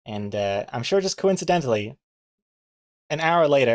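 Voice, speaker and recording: A man's voice: mid-range voice, sing-song, moderate pace, faint music behind. A man, chatting casually on a live stream and telling rambling anecdotes with chuckles and fillers. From New Zealand.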